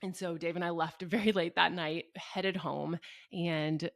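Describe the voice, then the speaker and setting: A woman's voice: on the low side, steady tone, a little slow, vocal fry, no room sound, studio quality. A young woman telling a personal story in a casual, chatty and earnest way, with frequent fillers. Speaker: mother telling her birth story.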